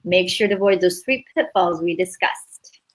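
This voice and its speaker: A woman's voice: fairly low pitch, moderate pace, poor audio. Upbeat woman teaching writing. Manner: upbeat, chatty, laughs easily. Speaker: writing workshop instructor. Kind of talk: casual teaching chat.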